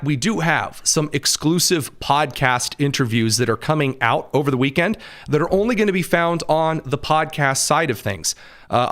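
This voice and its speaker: A man from the American Midwest hosting a podcast, talking in a casual, animated commentary style with sarcastic asides and frequent fillers. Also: medium pitch. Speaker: podcast host.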